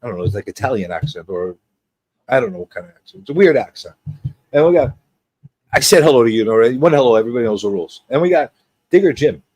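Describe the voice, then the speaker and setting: Joking, animated male stream host. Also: medium pitch, fast, breathy edge, no room sound. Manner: joking, rambling, teasing viewers. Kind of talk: casual livestream chat.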